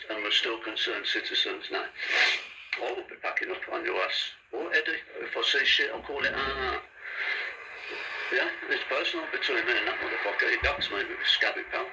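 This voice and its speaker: A man giving blunt shout-outs and complaints in a casual, profane monologue. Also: mid-range voice, brisk, a little hiss or hum, poor audio. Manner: blunt, swears freely. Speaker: vlogger.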